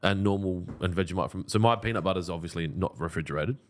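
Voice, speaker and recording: A man's voice: deep voice, fast talker. A man co-hosting a casual podcast, joking and swearing freely. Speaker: podcast co-host. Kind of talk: casual banter.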